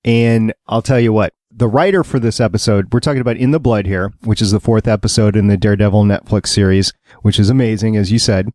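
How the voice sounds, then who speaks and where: A man's voice: fairly low pitch, brisk, hardly any pauses, warm tone, no echo, studio quality. A man hosting a podcast, upbeat and rambling, laughing easily as he chats. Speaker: podcast host. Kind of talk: casual podcast chat.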